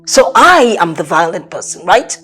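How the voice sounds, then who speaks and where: A woman's voice: lowish voice, very animated, normal speed, fairly bright tone, slightly rough, soft background music, heavily acted. An actress playing a proud, domineering mother-in-law in a film, commanding and imperious, with a Nigerian English accent.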